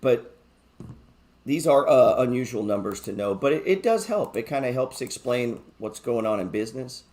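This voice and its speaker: A man's voice: medium pitch, animated, moderate pace, a little mellow. Chatty man hosting a market show. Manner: chatty, swears freely, brags and jokes; reads viewer chat aloud. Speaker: stock market show host. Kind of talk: casual live market commentary.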